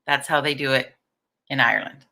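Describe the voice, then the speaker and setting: Bright, forceful woman hosting a livestream. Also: rumbling low, brisk, creaky. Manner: candid, swears freely, greets viewers by name. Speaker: livestream host. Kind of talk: casual live-stream chat.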